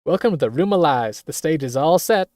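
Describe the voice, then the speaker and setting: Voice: medium pitch, animated, a little fast, a little mellow, no echo, studio quality, natural voice. A streamer voicing a gleeful, cruel death-game ringmaster in a video game, in a mocking tone. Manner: mocking, taunting.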